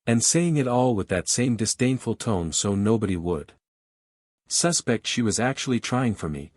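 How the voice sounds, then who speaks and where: A man telling a first-person romance story with a lowish voice, in long, unbroken sentences that keep a steady flow. The sound is dry and close, with no room around it. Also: moderate pace, no room sound. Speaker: narrator.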